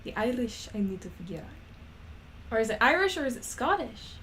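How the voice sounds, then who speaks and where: A woman's voice: a little high, big pitch swings, normal speed, fairly bright tone, slight background noise. A woman rambling in casual chat, giggly and self-deprecating. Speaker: animator and vlogger.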